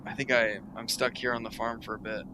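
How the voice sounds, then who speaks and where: A man's voice: medium pitch, little pitch movement, quick pace, heavy background noise. A man chatting casually with a friend during a stream, easygoing and slangy with casual swearing. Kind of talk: casual gaming chat.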